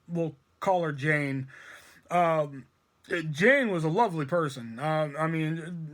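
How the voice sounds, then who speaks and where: A man telling a rambling, profanity-filled story about his old workplace in a casual vlog. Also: fairly high pitch. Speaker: storytime vlogger.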